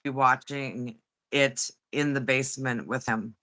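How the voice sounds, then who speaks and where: A woman guest on a livestream, calmly and slowly recounting a painful personal story. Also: extremely low pitch. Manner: slow, measured confession.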